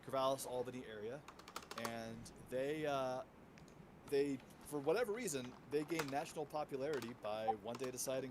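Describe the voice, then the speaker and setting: A man's voice: mid-range voice, moderate pace. A man from Oregon co-hosting a livestream, chatting casually with wry, joking remarks. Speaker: livestream co-host. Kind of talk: casual chat. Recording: noisy home mic.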